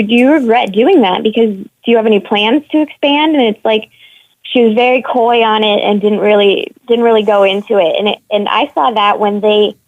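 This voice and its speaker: A woman phones in to give her views on women's hockey, frank and clearly fed up. Her voice has a gravelly, creaky edge, and it comes through a thin, tinny phone line. The sound is dry and close, with no room around it. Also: medium pitch, no room sound. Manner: frank, frustrated and opinionated. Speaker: caller, women's hockey reporter. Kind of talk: phone-in discussion.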